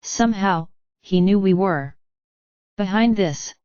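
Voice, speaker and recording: A woman reading an audiobook in scripted narration, voicing every character in the same even narrating voice. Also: medium pitch, slow pace, no room sound, highs cut off.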